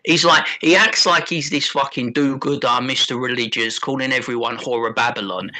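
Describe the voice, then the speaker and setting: British male co-host, sharp bright tone, blunt slangy banter. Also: mid-range voice, normal speed. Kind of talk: casual livestream chat.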